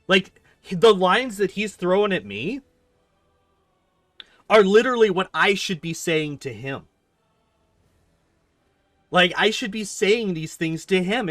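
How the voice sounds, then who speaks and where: A man's voice: sits high, slow pace, long pauses, no echo, soft background music. A young man streaming a game, ranting animatedly in casual commentary, swearing often and filling with "like". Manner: animated ranting, profane, lots of "like".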